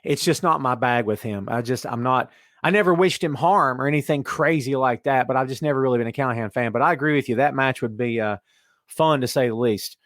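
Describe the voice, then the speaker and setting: A man hosting a casual wrestling podcast, talking in an animated way and reading listener comments aloud. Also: mid-range voice, a little fast, dry recording, studio quality. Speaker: podcast host.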